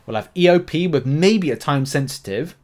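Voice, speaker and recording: A man's voice: a little high, animated, moderate pace, a little mellow. Rambling man talking games. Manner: rambling, many fillers and restarts. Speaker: gaming YouTuber. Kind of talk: casual commentary on a mobile game.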